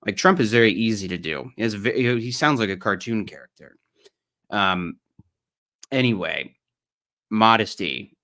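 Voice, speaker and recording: A man's voice: fairly low pitch, lively intonation, normal speed, pauses often, pushed and bright. A man with an Ohio accent giving sarcastic, mocking livestream commentary on an article he reads aloud. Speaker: streamer.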